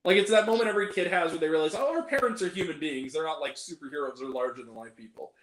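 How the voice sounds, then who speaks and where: A chatty man with a high voice hosts a loose film review, tossing in jokey asides as he goes. His voice rings in an echoey room. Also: fast talker, fairly bright tone. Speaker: host. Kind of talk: casual film review chat.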